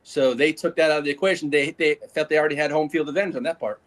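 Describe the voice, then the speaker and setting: A man's voice: fairly high pitch, fairly even intonation, very fast. A man co-hosting a casual sports talk show, reading out news items in an easygoing way. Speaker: co-host.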